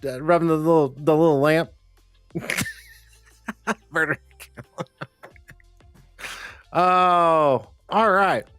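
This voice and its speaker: A man hosts a casual livestream chat in a fairly bright voice on the high side, taking it slowly with long pauses. He's loose and joking, swearing and laughing often, and his voice sounds slightly strained. Faint music plays behind him.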